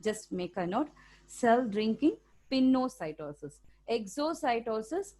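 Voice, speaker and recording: A woman's voice: a little high, very animated, unhurried, dark tone. A woman with an Indian English accent teaching a school science lesson, explaining step by step and often checking in with "okay?". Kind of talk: classroom lecture for students.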